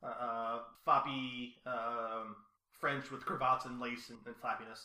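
A man narrating as game master, rambling and halting with many fillers. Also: medium pitch, level tone, bright, forceful tone, roomy sound.

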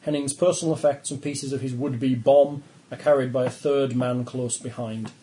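A man's voice: medium pitch, steady tone, moderate pace, dark tone, a little hiss or hum, low-quality recording. A man narrating a tabletop horror game as game master, descriptive and easygoing, laughing along with the players.

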